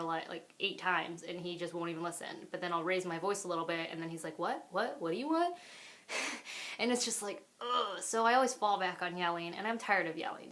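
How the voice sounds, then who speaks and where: Woman, young adult, lowish voice, candid vlog to camera, rambling, lots of fillers, at home. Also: a bit bright. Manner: rambling, candid, full of "like" and "I don't know". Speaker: vlogger and mother.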